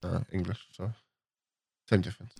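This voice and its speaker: A man's voice: deep voice, fairly even intonation, normal speed, gravelly, warm tone, slightly rough, no room sound, clean studio sound. A man playing along in a casual podcast quiz, teasing, laughing and swearing. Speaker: podcast co-host and quiz contestant.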